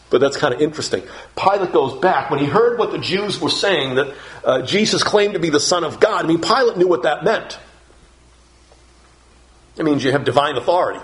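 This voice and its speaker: A male preacher working through a scripture passage verse by verse. His voice sits high and swings widely in pitch. He voices each speaker in the passage with dramatic flair. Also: animated, moderate pace. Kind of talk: expository sermon.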